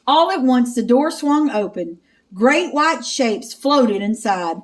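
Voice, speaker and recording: A woman teacher from Texas, reading a picture book aloud with expressive narration and sound effects. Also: a little high, slow.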